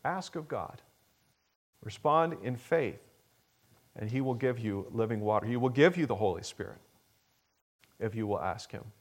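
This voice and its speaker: A man preaching a Sunday morning sermon as pastor, earnest, rising to emphatic peaks and then dropping low and soft. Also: expressive, a little slow, pauses often. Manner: acts out a child's pleading voice in a story.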